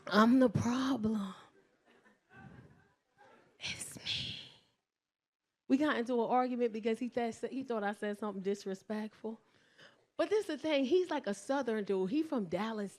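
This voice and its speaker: A woman in her forties with a New York accent, doing a stand-up routine, animated and profane, often jumping into shouts. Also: medium pitch, moderate pace. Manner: loud, animated, swings to shouting; profane, slangy. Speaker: stand-up comedian.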